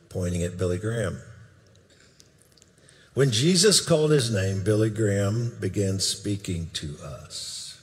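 Older male preacher, deliberate, slow delivery, emphatic swells; long hall reverb. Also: lowish voice, animated. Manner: emphatic, with sudden loud bursts and questions to the crowd. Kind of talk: sermon, recounting a prophetic dream.

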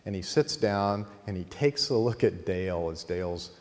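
A middle-aged man teaching a course, telling a long lively anecdote to a class and laughing at his own story. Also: deep voice, normal speed. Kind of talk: storytelling in a lecture. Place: college teaching room. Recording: long hall reverb, faint noise.

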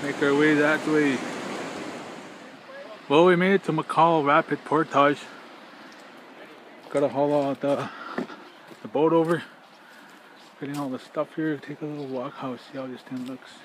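A man from northern Manitoba gives short, clipped updates on a paddling trip, his voice sitting a little higher than most men's. He speaks into a handheld camera outdoors by the water. Background noise is clear throughout the recording. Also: fairly even intonation, measured pace, pauses often. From northern Manitoba, Canada. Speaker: trip vlogger. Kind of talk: casual travel vlog narration. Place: outdoors by lakes and rivers.

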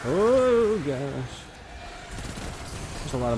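Streamer type: lively man, excitable, jokey trash talk over his gameplay, faint music under him. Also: medium pitch, normal speed, long pauses. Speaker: streamer playing an online shooter. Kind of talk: live gameplay commentary. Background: faint background music.

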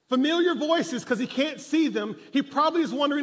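Male pastor, sermon in a church; high voice, very lively pitch, dramatic storyteller. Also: a little fast, hardly any pauses. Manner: dramatic storytelling, building intensity. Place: church sanctuary.

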